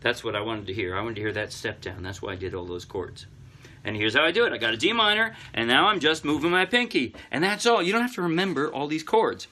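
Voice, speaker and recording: A man giving a casual ukulele tutorial, explaining chords and strums step by step in a relaxed, chatty way. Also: mid-range voice, fast talker. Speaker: ukulele teacher. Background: loud ukulele playing.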